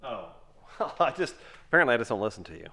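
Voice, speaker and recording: A middle-aged man at home playing a tabletop game with his son, calling out his moves and counting dice aloud in a quiet mutter. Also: mid-range voice, very animated, fast, creaky, slight background noise. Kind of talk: casual tabletop game play.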